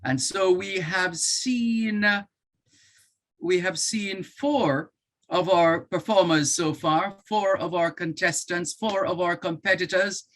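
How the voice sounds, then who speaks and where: A Jamaican man hosting a live poetry competition, speaking in a measured way and repeating his phrases. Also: sits high, a bit bright. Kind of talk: live-stream emcee commentary.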